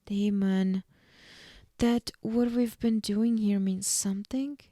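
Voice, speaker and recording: A woman's voice: medium pitch, fairly even intonation, slow, dark tone, no room sound, clean studio sound, natural voice. Woman reading as a pleading young woman.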